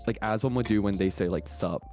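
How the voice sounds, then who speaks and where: A man's voice: lowish voice, fast, over music. A man guest chatting casually, telling stories in a rambling way with many laughs. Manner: rambling storytelling with frequent laughs and fillers. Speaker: guest co-host. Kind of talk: casual chat.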